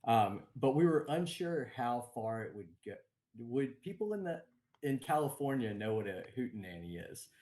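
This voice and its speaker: A man, a board game company guest, talking in an upbeat, relaxed way over a video call, with many ums. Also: medium pitch, moderate pace. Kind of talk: casual interview chat. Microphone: remote video call.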